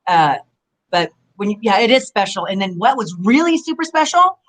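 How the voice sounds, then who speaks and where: A woman's voice: mid-range voice, normal speed, rough recording. A middle-aged woman from Southern California, a former wrestler, chatting as a guest on a video-call interview and rambling through her stories. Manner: rambling, animated storyteller. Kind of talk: casual interview chat.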